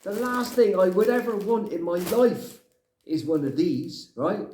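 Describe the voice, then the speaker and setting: A man's voice: high voice, unhurried, a little mellow, a little hiss or hum. A man playing a ranting grumpy bloke. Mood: grumbling. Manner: rambling, ranting, tags lines with "right?". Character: grumpy older Englishman ranting about clutter. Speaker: comic character. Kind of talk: rambling comic monologue to camera. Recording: echoey room.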